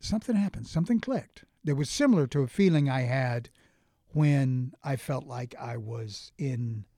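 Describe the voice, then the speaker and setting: A middle-aged man in casual conversation, telling stories with lively restarts and acted-out quotes. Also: mid-range voice, normal speed, no room sound. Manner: animated storyteller, frequent restarts and acted quotes. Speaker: interview guest.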